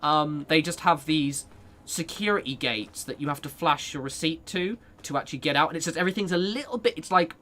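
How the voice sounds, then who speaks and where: A man's voice: on the high side, a little fast, bright, forceful tone. A young man chatting casually with viewers while he plays a game, rambling, laughing and swearing as he goes. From United Kingdom. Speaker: streamer. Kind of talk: casual chat while gaming.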